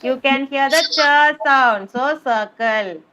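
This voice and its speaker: Woman kindergarten teacher, slow sing-song phonics drilling over video call, high-pitched. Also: bright, forceful tone, dull audio. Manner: slow, drawn-out sounding of letters, patient repetition. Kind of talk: online phonics lesson for young children.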